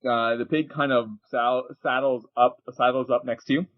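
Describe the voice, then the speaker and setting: A man narrating a tabletop game as game master, lively and halting. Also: medium pitch. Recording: dull, lo-fi recording.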